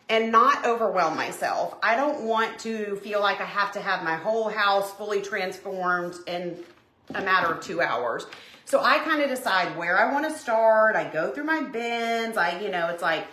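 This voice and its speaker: Bright Southern woman chatting on a livestream. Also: medium pitch. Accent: Southern US (Tennessee). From Tennessee, US. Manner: chatty, greets viewers by name, says y'all. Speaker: craft livestream host. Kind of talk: casual livestream chat and craft demo. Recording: echoey room, faint background hum.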